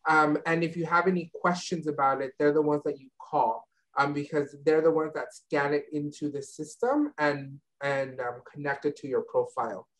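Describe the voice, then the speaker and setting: Speaking at a normal speed in a mid-range voice, a university advisor walks through admissions steps on a video call during an online info session Q&A. He or she frequently says um and restarts sentences, and the recording is rough.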